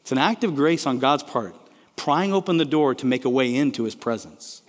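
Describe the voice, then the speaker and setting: A man preaching a sermon, swinging between loud emphatic declarations and hushed, quiet passages. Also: medium pitch, fairly quick. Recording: long hall reverb.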